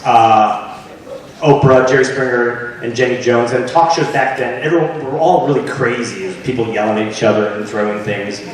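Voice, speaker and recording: A man chatting as an interviewed actor, lively and laughing, often restarting his sentences. His voice is of middle pitch and sounds distant from the mic. The room is very echoey. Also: moderate pace, slight background noise. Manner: animated, laughing storyteller with many restarts. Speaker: actor and guest. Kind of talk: casual chat.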